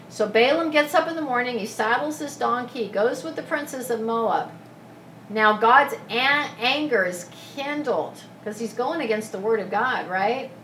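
A woman preaching a sermon, retelling a scripture story in a lively, casual way with asides. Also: a little high, measured pace, slight background noise. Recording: echoey room from a distance.

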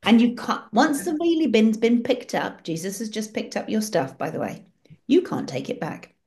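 Aussie woman guiding a prayer call, warm encouraging tone, tells stories. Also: on the high side, expressive, normal speed. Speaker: prayer group leader. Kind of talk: guiding an online prayer session.

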